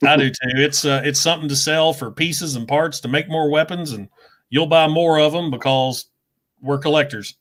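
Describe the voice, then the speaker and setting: A man's voice: fairly high pitch, normal speed. A man hosting a casual chat with a fellow creator, talking freely and laughing often. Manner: chatty, laughs often, animated when telling stories. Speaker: show host interviewing a fellow creator.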